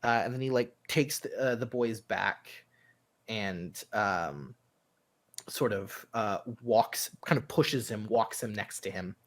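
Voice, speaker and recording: A man narrating a tabletop role-playing game as game master, in a halting way full of fillers. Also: on the low side, fairly bright tone.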